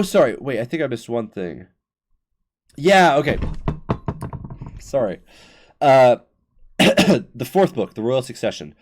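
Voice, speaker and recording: Excitable young man retelling history. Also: fairly low pitch, a little hiss or hum. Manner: excited, rambling storytelling with frequent fillers and restarts. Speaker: podcast host. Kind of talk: casual history chat.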